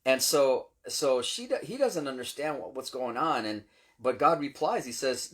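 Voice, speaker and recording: A man with an ordinary mid-range voice leads a relaxed Bible discussion as a pastor. He retells scripture in plain, everyday language and keeps checking in with his listener. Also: mid-range voice, moderate pace. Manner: informal, explains scripture in everyday words with frequent "right?". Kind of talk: casual Bible teaching chat.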